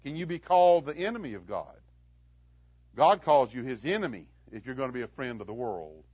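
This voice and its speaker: A middle-aged man preaching a sermon, rising to loud emphatic lines and dropping to hushed tones. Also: medium pitch, expressive, brisk, breathy edge, no room sound, highs cut off.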